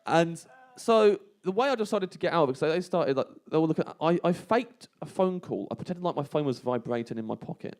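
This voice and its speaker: A man telling a comic story to a live audience, rambling and self-deprecating, often laughing and dropping to a hushed, tense voice for scared moments. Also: a little high, expressive, fairly quick, hardly any pauses. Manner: hushed and tense when re-enacting fear. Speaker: comedian guest telling a story. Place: live venue on stage.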